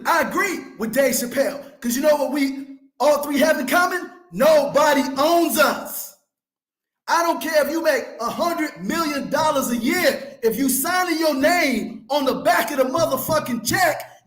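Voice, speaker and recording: A fired-up male money coach shouts a fiery, profanity-laced motivational rant in a preacher's rhythm. His voice sits very high, and the recording echoes around the room. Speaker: financial coach, show host.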